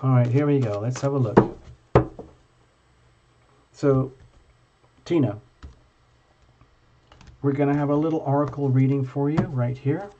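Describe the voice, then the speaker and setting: Man, tarot reader, live stream, chatty, playful, mid-pitched, dull lo-fi audio. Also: steady tone, heavy background noise. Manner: chatty and playful, reads card text aloud slowly.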